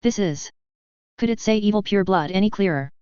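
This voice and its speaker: A woman's voice: medium pitch, lively intonation, normal speed, a little mellow, smooth, no room sound, natural voice. A woman voicing a frank, outspoken young witch who speaks in a plain, exclamatory way. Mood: disgusted. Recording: dull, lo-fi, dry.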